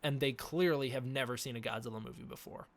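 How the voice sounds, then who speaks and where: Male streamer on a casual rant, scratchy sore throat, animated and full of fillers. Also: mid-range voice, quick pace. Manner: animated, ranting, lots of fillers and restarts. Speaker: livestream host.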